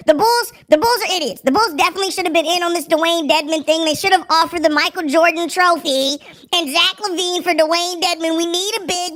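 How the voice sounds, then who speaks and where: A young man hosting a live sports podcast through a squeaky pitch-shift voice changer, joking and swearing in slang. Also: pushed and bright. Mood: mock hype. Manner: joking, profane slang, mock breaking-news delivery. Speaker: podcast host.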